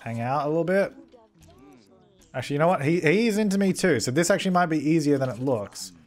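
A man hosting a gaming video, giving excitable let's play commentary, fretting aloud and talking at the characters on screen. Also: on the high side, brisk. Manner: excitable, frets aloud and talks at the game characters.

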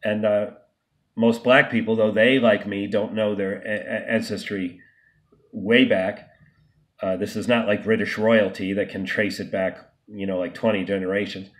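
A man's voice: fairly low pitch, little pitch movement, moderate pace. A man vlogging an unscripted monologue, emphatic and indignant, often restarting and stumbling over words. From United States.

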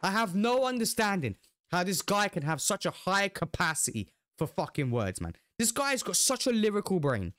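A man's voice: high-pitched, sing-song, normal speed, fairly bright tone, dry recording, clean studio sound. A British man hosting a reaction video, hyped and full of slang, swearing freely as he talks. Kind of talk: excited casual commentary.

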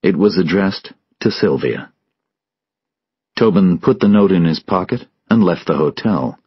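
A man narrating a story for English learners in a measured, clear way. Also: sits low, expressive, dry recording, lo-fi sound. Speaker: audiobook narrator.

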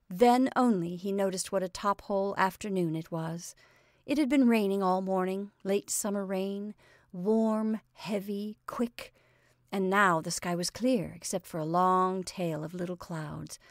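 A woman storyteller reading a literary short story aloud in an expressive, varied way, with soft, whispered asides. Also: mid-range voice, dry recording, studio quality. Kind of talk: scripted story narration.

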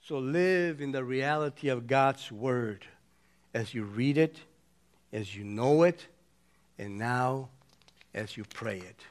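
An older man preaching a sermon, with a rhythmic, repetitive cadence that swings from slow, hushed emphasis to excited shouting. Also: medium pitch.

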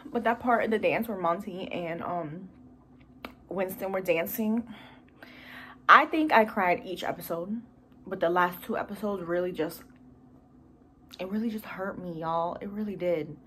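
A woman's voice: lowish voice, a little slow, long pauses, sharp tone, a little hiss or hum. Emotional, rambling woman reviewing a show. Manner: gushing, emotional, rambling with many fillers and sighs. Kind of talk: casual chat. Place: home room with TV behind camera.

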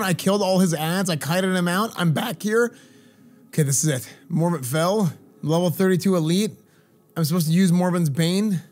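A man streaming a game live, chatting excitedly with his viewers as he plays. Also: high voice. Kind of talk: live gameplay commentary.

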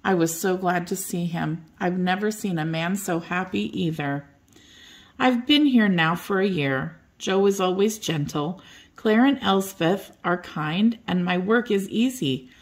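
An older woman reading a children's bedtime story aloud in a gentle, expressive way. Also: lowish voice, unhurried.

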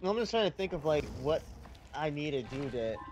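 A man's voice: fairly high pitch, sing-song, brisk, noisy background. A man on a gaming voice call, thinking aloud hesitantly with many fillers. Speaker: co-player on voice chat. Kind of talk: casual gaming chat.

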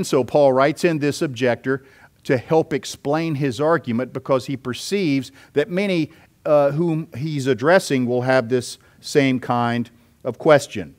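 Pastor preaching a verse-by-verse sermon. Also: male voice, mid-range voice. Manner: explains scripture step by step, with occasional fillers. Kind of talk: expository sermon.

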